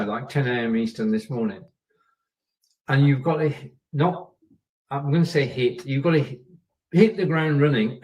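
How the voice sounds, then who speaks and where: A man with a medium-pitched, somewhat dark voice hosts a live stream, offering coaching tips in a chatty way. He often repeats his points and checks in with viewers. He's captured by a camera and microphone, far from the mic, and the audio is poor.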